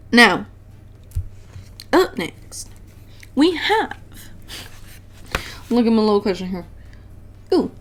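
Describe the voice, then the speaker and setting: A woman's voice: medium pitch, a bit bright. A woman giving a casual tarot reading to her viewers, chatty and blunt, swearing freely and laughing often. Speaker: tarot reader.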